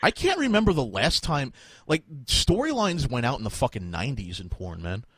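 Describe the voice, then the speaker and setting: A man's voice: mid-range voice, big pitch swings, a little fast, fairly bright tone, breathy edge, dry recording. A man hosting a podcast, talking in a profane, exasperated rant. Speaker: podcast host. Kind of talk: casual podcast chat.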